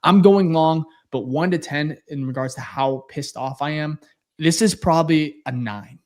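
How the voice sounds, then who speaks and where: Young male podcast co-host, slightly high voice, blunt and frustrated post-game rant. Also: normal speed. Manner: frustrated, blunt, swears, repeats himself.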